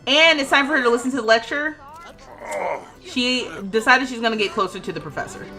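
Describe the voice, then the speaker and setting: A woman in her thirties streaming a life-sim game, ranting dramatically with loud outbursts and laughter, then settling into explanations for her chat. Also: fairly high pitch, fairly quick, soft background music. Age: 30s. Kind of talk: livestream gameplay commentary.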